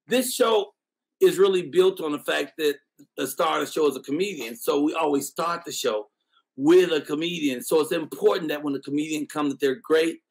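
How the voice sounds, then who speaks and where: Husky hyped morning show host. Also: male voice, a little high. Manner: hyped, shouting introductions, loose slangy banter.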